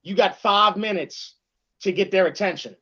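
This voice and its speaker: Laid-back high-voiced male co-host, dull audio. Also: normal speed, bright, forceful tone. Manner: laid-back, slangy banter. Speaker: sports radio co-host. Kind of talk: casual sports radio chat.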